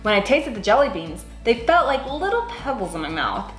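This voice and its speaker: A woman reading a children's picture book aloud in an expressive, sing-song way. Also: fairly high pitch, normal speed, roomy sound, soft background music. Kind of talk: read-aloud storytelling.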